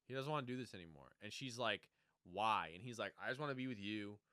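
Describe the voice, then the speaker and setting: A man co-hosting a podcast, chatting casually and animatedly about a TV show, jumping into quick character impressions. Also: fairly low pitch, pushed and bright, clear, resonant tone, dry recording, studio quality. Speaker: podcast co-host. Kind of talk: casual chat recapping a TV show.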